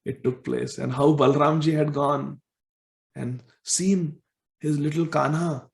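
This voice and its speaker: Male scripture storyteller, slightly high voice, gravelly texture, roomy echo. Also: slow. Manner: animated storytelling, chants verses. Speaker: scripture class speaker. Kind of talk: devotional scripture storytelling lecture.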